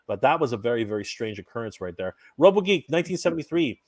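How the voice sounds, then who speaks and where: Lively, animated man hosting a live stream. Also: medium pitch, fast, dry recording. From Canada. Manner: upbeat, animated shout-outs to viewers. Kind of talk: casual live-stream chat, reading viewer comments.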